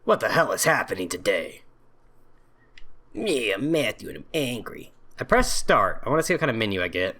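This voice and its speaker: A man's voice: lowish voice, big pitch swings, moderate pace, sharp tone. A man hosting a let's play, reading the game text aloud and adding joking, sarcastic asides, often flustered by the menus.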